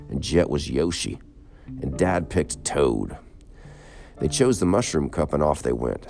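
A man reads a children's adventure story in a very deep, gravelly voice. His pitch moves a lot as he reads, slow and unhurried. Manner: slow, expressive reading. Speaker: narrator. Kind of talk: storybook reading. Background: soft guitar music.

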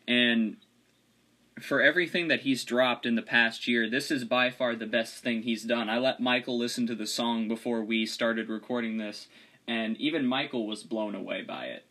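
A young man from Florida hosting a casual podcast, introducing segments and explaining songs in a steady way. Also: mid-range voice, moderate pace. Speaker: podcast host.

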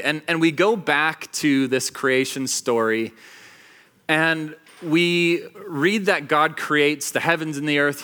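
Animated man preaching with bright tone. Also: a little high, smooth. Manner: animated storytelling, acts out quotes, many fillers. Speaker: pastor. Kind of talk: casual sermon to a small group.

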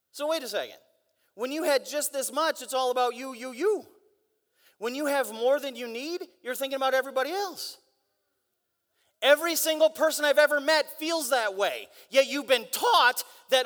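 A young man giving an energetic guest sermon in a church, driving his points with rhetorical questions and mock voices. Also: very high-pitched, normal speed. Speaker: guest preacher. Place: large church hall. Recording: long church hall reverb.

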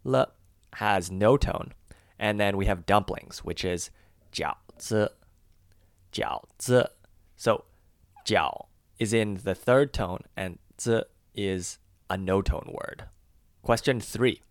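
A man co-hosting a language lesson, carefully walking through example phrases and slowing down on the key words. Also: lowish voice, dry recording, studio quality. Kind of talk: scripted explanatory lesson.

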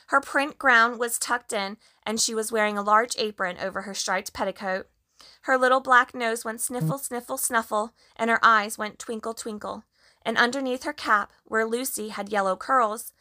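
Bright-voiced woman reading a storybook. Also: on the high side. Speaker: narrator.

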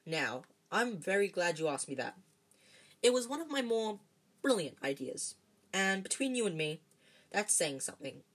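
Old male wizard headmaster, dreamy and wry, gentle storybook read, done by a woman, low and husky. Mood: whimsical.

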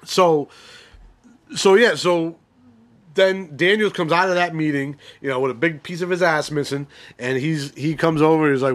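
A man's voice: on the high side, moderate pace, a bit bright. A man hosting a podcast, recapping a crime series in a rambling, profane, casual way with many restarts and fillers. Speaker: podcast host.

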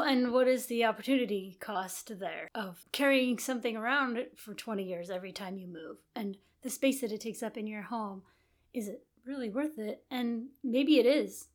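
A woman co-hosting a casual marriage podcast, talking things through in long, thoughtful, musing sentences. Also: fairly high pitch. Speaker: podcast co-host. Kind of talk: casual chat.

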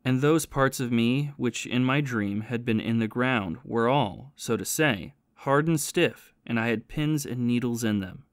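A man's voice: mid-range voice, measured pace, hardly any pauses, dry recording, studio quality, close to an everyday voice. A man voicing a remorseful former soldier and thief who confesses his past in a plain storytelling manner.

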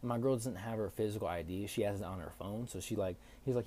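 Low-voiced man telling a profane story. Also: fast talker, a little hiss or hum. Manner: profane, animated retelling with lots of fillers. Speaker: podcast host. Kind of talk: casual storytelling monologue.

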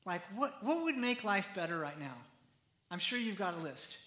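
A man pastor preaching a sermon in a conversational, animated way, often acting out the quotes. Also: sits high, normal speed, echoey room.

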